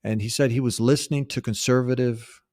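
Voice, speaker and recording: A man's voice: medium pitch, fairly even intonation, a little fast, darkish tone. A man hosting a podcast, speaking in a casual, conversational way with fillers. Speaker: podcast host. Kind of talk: casual interview chat.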